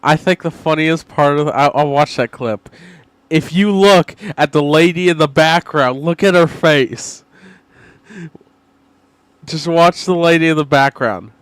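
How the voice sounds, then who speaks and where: A man's voice: a little high, a little slow, clean tone, no echo. Man with dry, brief podcast quips. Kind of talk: casual podcast chat.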